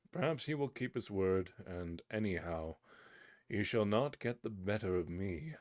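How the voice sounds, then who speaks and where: A man reading an old fairy tale aloud on a live stream, unhurried, lightly voicing the characters' lines. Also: low voice, darkish tone, no room sound, studio quality. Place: home streaming setup.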